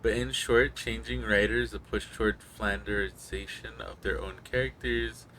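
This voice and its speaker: A male streamer with a slightly hoarse throat, rambling in casual gameplay commentary. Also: lowish voice, steady tone, normal speed, a bit bright, slight background noise. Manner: rambling, profane.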